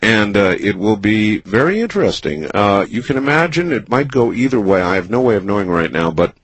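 A man hosting a late-night call-in radio show, talking in a dry, skeptical, measured way. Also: fairly low pitch, big pitch swings, breathy edge, dry recording, low-quality recording. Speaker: radio talk show host. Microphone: studio microphone.

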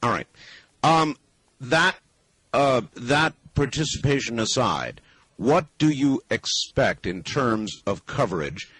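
A man's voice: mid-range voice, expressive, takes it slowly, fairly bright tone, breathy edge, no room sound. A man hosting a radio talk show, asking brief questions to steer the guest and reacting to his answers. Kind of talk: radio interview.

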